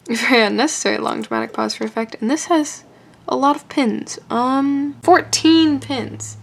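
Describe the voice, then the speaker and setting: A woman narrating a casual hands-on kit build, playful and self-joking, often laughing and dropping into a soft whisper as she works. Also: high-pitched, moderate pace, vocal fry. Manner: often drops to a soft whisper while working. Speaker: amateur radio hobbyist building a kit.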